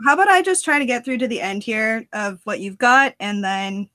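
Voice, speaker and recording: A woman auditioning as a voice actor, chatting in a relaxed way and laughing between lines. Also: on the high side, moderate pace, poor audio. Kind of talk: casual chat.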